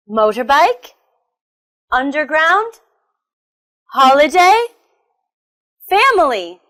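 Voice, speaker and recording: An American woman teaching English pronunciation, enunciating words slowly and carefully and encouraging learners with questions. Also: sits high, fairly bright tone. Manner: slow, careful enunciation with repetition. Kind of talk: pronunciation lesson.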